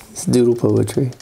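A man's voice: mid-range voice, vocal fry, mellow, slight background noise. A sleepy man chatting in a rambling, offhand way about his drawing as he works. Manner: rambling, drowsy, lots of fillers and trailing thoughts. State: sleepy, yawning. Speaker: artist doing doodle commentary. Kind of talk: casual rambling commentary while drawing.

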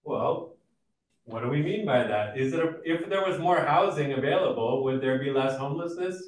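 A man's voice: on the high side, expressive, moderate pace. Man teaching a college sociology class, chatty and searching for words, heard from a distance in a reverberant room. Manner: conversational, many fillers and restarts. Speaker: sociology lecturer. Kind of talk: recorded college lecture. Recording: echoey room, mic at a distance.

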